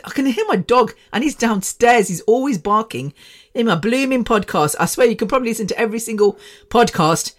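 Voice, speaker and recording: A woman hosting her own podcast, chatting casually and rambling from topic to topic with frequent laughs. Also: medium pitch. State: using an oxygen machine. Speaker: podcast host. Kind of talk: casual solo podcast chat.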